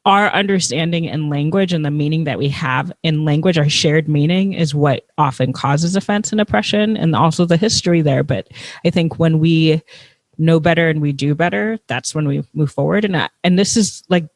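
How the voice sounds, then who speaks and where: A speaker in a casual conversation, talking in a thoughtful, measured way that restarts phrases to find the words. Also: mid-range voice, no room sound, studio quality.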